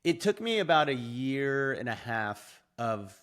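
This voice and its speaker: A young adult man, a podcast guest, telling his story in an animated, casual way and acting out quoted dialogue. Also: medium pitch, measured pace, clean tone.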